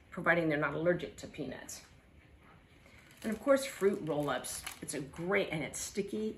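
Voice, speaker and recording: With a lowish, sing-song voice, a middle-aged children's teacher leads a lesson for toddlers. She punctuates it with exaggerated, animated gasps of delight.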